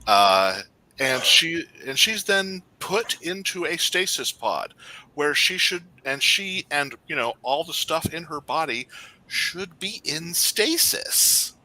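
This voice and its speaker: A man's voice: on the high side, lively intonation, takes it slowly, bright, forceful tone. A man co-hosting a podcast in casual chat, rambling with many restarts as he critiques. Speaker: podcast co-host.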